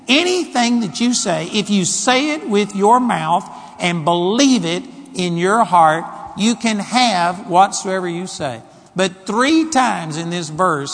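A man preaching a sermon as pastor, dramatic and emphatic, swinging between quiet and loud delivery. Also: high-pitched, long reverb tail.

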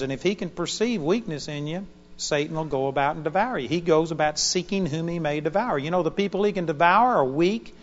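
A man with a high voice preaches a sermon, telling a story with lively rises and drops in pitch and loudness. The recording sounds dull and lo-fi, with a long reverb from a large hall.

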